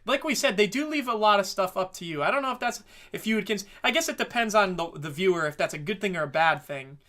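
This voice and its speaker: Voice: mid-range voice, expressive, quick pace, fairly bright tone. A podcast co-host in casual anime review chat, swearing freely and mockingly acting out scenes.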